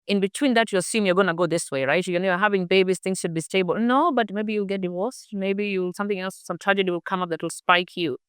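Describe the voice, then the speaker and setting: A woman's voice: mid-range voice, quick pace, few pauses, smooth, no echo, clean studio sound. A middle-aged woman, the guest expert in an interview, explaining health topics with everyday examples and acted-out inner thoughts. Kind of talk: conversational interview.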